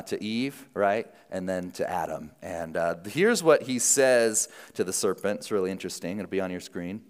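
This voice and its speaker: A man preaching a sermon as pastor, in an informal, conversational way, after an opening prayer. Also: medium pitch. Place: church sanctuary. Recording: reverberant church hall.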